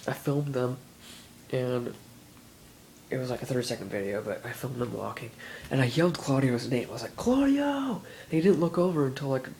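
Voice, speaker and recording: An eighteen-year-old guy talks straight to the camera in a loose, rambling vlog, piling on "like" and "you know" as he gets excited. His voice sits at a middle pitch with a gravelly, fried edge. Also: brisk, slight background noise, low-quality recording. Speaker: vlogger.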